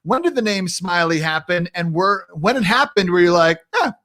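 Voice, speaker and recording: Playful, high-voiced male podcast host. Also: animated, moderate pace, a bit bright. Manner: playful, laughs often, jokes around. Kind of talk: casual interview chat.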